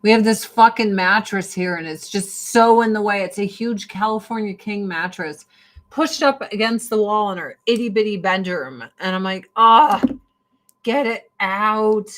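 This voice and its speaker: An American woman with a medium-pitched voice and moderate pace hosts a livestream. She rants casually to her viewers, blunt and profane, jumping from one topic to the next.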